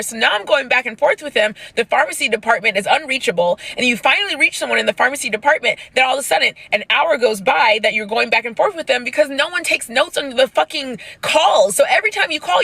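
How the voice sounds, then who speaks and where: A woman's voice: high-pitched, creaky, sharp tone, breathy edge, no echo. A woman crying while she angrily rants into her phone in a profane selfie video. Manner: angry profane rant.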